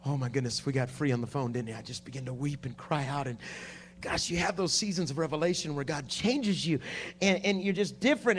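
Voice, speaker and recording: A man preaching a sermon at a conference, dropping to a hush and then rising to shouting. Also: on the high side, fairly quick. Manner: swings from hushed to shouting preaching. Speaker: pastor. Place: conference hall.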